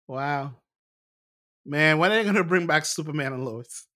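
Relaxed man giving opinions in casual chat. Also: fairly high pitch, moderate pace. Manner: relaxed, stammers on restarts, opinionated. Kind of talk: casual chat about TV shows.

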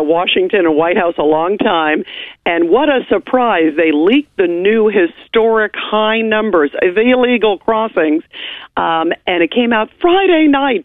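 A woman's voice: on the low side, no echo. A woman talk radio host, a guest calling in, speaking emphatically and animatedly. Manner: emphatic, animated, laughs easily. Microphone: phone call-in. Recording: dry phone line.

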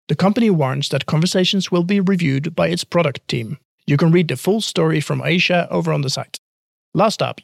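A man with a slightly high voice and a gravelly edge hosts a tech news podcast. He reads headlines briskly and slips in dry jokes. The sound is dry and close. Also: no room sound. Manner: brisk read with dry quips. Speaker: podcast host. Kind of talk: news roundup and interview.

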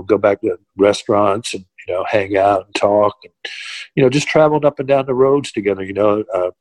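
A man's voice: medium pitch, a little mellow, no room sound, low-quality recording. An older man, a former pro wrestler, telling stories in a casual interview, rambling with lots of fillers and restarts.

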